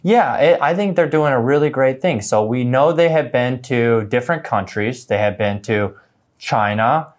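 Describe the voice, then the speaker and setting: A man co-hosting an English lesson, reading example sentences slowly and clearly, then chatting casually. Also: medium pitch, lively intonation. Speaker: English teacher co-host.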